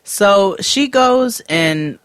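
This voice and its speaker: A man's voice: high-pitched, lively intonation, extremely slow, a bit bright, clear, resonant tone, no room sound. Blunt man with a dry close voice. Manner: blunt, emphatic, swearing commentary. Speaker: podcast co-host. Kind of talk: casual chat recapping a show.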